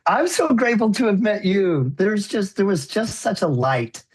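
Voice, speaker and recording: A man guesting on an interview show, telling a story in an earnest, conversational way with soft laughs. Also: sits high, very animated, moderate pace, slightly rough. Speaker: guest, illusionist and educator.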